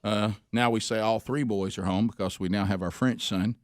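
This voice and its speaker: A man's voice: fairly low pitch, steady tone, moderate pace, no room sound, studio quality. Rambling middle-aged male radio host. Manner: rambling, with many restarts and asides. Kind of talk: casual morning radio storytelling.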